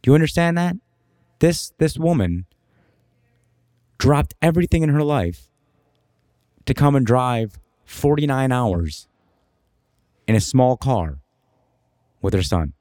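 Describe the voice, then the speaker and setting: A young man co-hosting a podcast, telling a personal story in an animated, emphatic way. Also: mid-range voice, slow, long pauses, no echo, studio quality. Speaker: podcast co-host. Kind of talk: casual storytelling.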